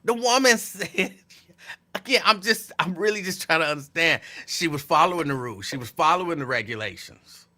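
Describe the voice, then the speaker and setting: A man hosts a casual live show from his home. His voice is bright and forceful, and he keeps reacting to viewers' comments with animated disbelief. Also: a little high, a little fast. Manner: animated, incredulous, talks back to viewers' comments. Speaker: talk show host. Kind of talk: casual live-stream chat.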